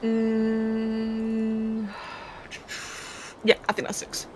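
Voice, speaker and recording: A woman's voice: fairly high pitch, animated, moderate pace, fairly bright tone, a little hiss or hum, low-quality recording. A young woman live-streaming a game, thinking aloud as she builds, counting under her breath and chatting to viewers with casual swearing. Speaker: livestreamer.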